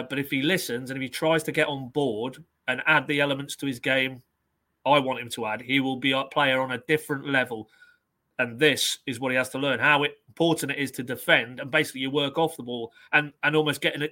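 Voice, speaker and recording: A football reporter talks through a match on a podcast in a measured way, sometimes reading quotes from his notes. His voice is bright and forceful. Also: mid-range voice. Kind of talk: casual football podcast analysis.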